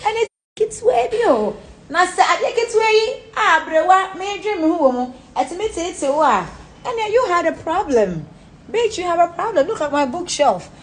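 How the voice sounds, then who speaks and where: A woman's voice: very high voice, big pitch swings, normal speed, slight background noise. A young woman with a Ghanaian accent gives a blunt, swearing home tour to camera, mixing Pidgin and Twi. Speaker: celebrity giving a home tour. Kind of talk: casual animated talk to camera.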